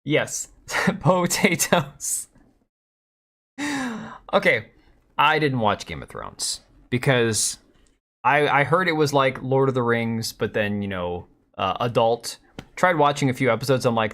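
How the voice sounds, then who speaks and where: A man's voice: mid-range voice, animated, slow, pauses often, fairly bright tone. A man hosting a casual live stream, reacting to clips with sarcastic, mocking remarks and talking to viewers. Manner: sarcastic, mocking, chats to viewers and his cat. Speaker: streamer host.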